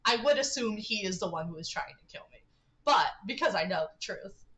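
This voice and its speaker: A woman's voice: medium pitch, animated, fairly quick, fairly bright tone, rough recording. A young woman livestreaming a dating game, reading its text aloud with giggly, chatty asides. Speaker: streamer.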